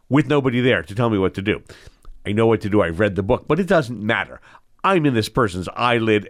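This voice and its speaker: A man, an eye surgeon, telling stories from his training in a podcast chat, acting out the people he quotes. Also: on the low side. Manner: animated storyteller, acts out quotes. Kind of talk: storytelling in a podcast conversation.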